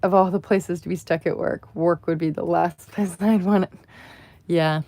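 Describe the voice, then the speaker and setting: A woman's voice: fairly low pitch, steady tone, normal speed, dark tone, dry recording. A woman hosting a casual livestream from home, telling a rambling story full of asides. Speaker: livestream host.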